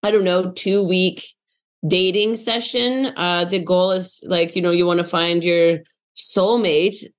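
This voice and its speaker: A woman's voice: fairly low pitch, steady tone. A woman comedian, chatting casually as a podcast guest and sprinkling her talk with filler words. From Saskatchewan, Canada. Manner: chatty, lots of "like" fillers, quick asides.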